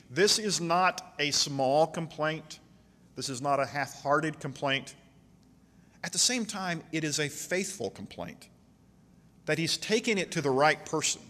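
A man preaching a sermon in a church, reading scripture aloud with passionate, slowed emphasis. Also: a little high, a bit bright, in a large hall. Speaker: pastor.

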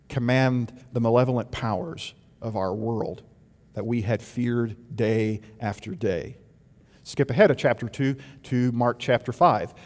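A man delivers a sermon at a medium pitch, rising to loud emphasis and dropping to hushed intensity. He leans on rhetorical questions. His voice rings with a long reverb, as in a large church hall. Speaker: preacher.

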